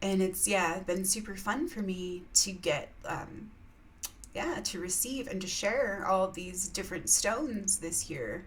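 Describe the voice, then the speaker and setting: A woman vlogger shares spiritual reflections in a casual, rambling chat, laughing often and saying "yeah" again and again. Her mid-range voice is expressive and slow, with slight background noise.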